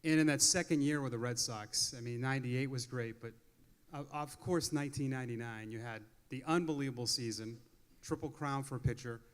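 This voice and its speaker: A man's voice: medium pitch, a little fast, clean tone. Man interviewer with long reverb. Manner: long, detailed setup questions. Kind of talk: interview questions.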